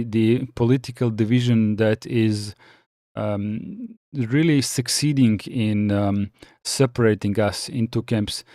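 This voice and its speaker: A man's voice: medium pitch, warm tone, no room sound, studio quality. A man from the Balkans hosting a casual live chat, reading viewer comments and answering with many restarts and fillers. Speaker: livestream host reading chat.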